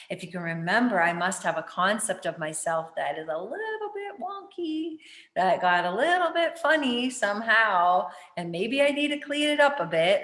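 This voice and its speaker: A woman with a lower, slightly bright voice hosts a casual spiritual chat in a roomy-sounding space. She rambles chattily, using lots of fillers and swearing casually.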